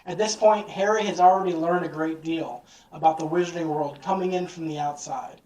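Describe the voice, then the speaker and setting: A woman hosting a faith series, reading scripted devotional narration in a clear, steady way. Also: sits low, a little fast. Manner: clear, steady, read-aloud delivery.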